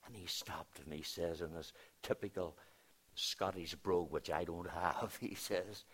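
A man preaching a sermon as a pastor, telling a story in a storytelling way, hushing his voice and then rising for emphasis. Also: low-pitched, moderate pace, breathy edge.

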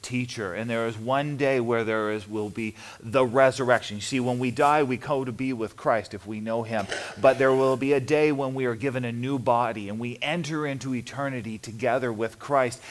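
A male pastor preaching an earnest funeral sermon, often dropping to soft, hushed phrases and at times crying out in a high voice. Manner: earnest, drops to soft low tones, sudden high cries.

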